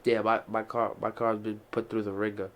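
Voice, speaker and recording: A man's voice: lowish voice, flat delivery, a little fast, slight background noise. A young man hosting a casual podcast, telling loose, profane stories with lots of restarts. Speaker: podcast host. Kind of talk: casual chat.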